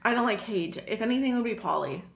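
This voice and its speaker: A woman's voice: a little high, lively intonation, fast, creaky, muffled recording. A woman co-hosting a casual livestream, chatting and teasing playfully. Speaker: livestream co-host. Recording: echoey room.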